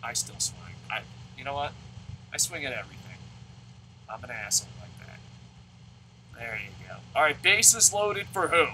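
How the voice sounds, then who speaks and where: A man in his thirties commentating his own video game play at home, excitable and swearing, shouting at the game between rambling talk about his goals. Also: mid-range voice, normal speed, long pauses, noisy background. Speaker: gaming video host.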